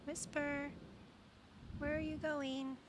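A woman's voice: high voice, flat delivery, takes it slowly, background noise. A young adult woman casually commenting on her gameplay, cooing and doting as she talks to the pets in her game. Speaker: gaming channel host.

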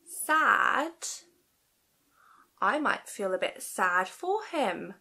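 A young woman hosting a rhyme-time session for small children in a library, speaking in a gentle sing-song way with gasps and hushed asides. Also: mid-range voice, gravelly, husky. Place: library, indoors.

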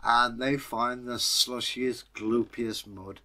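A man's voice: medium pitch, steady tone, slow, pushed and bright. A man hosting his own channel, telling an old folktale in a chatty way with jokey asides. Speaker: storyteller, channel host. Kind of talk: casual folktale storytelling.

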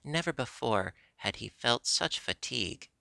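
A man narrating a classic storybook chapter in a steady, measured reading. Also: medium pitch, creaky, no echo. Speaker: audiobook narrator.

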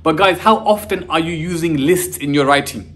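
A young man, a teacher, giving an energetic online lesson and saying "guys" in nearly every sentence. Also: a little high, normal speed. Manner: energetic, says "guys" constantly. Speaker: English teacher.

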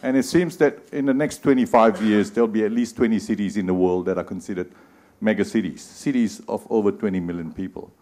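A male councillor opens the evening with a short address to the audience. His voice sits low, and his delivery is earnest and speech-like, with a light joke near the end. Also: brisk. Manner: earnest, speech-like with gentle humor. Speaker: city councillor giving an opening address.

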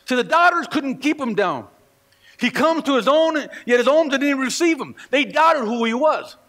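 A male pastor delivers his sermon in a high, lively voice with a gravelly, bright edge. He tells stories and slips into the voices of the people in them. His voice rings with the long reverb of a church hall. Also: moderate pace. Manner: storytelling preacher who acts out quoted voices. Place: church sanctuary.

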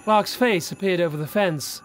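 A man narrating a horror story in a steady, serious storytelling voice. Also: high voice, normal speed. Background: faint background music.

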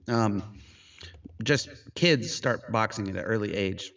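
Gravelly man telling a story over a dull call. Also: slow, far from the mic. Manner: animated, jumps high when quoting himself. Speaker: photographer guest. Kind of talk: casual storytelling conversation.

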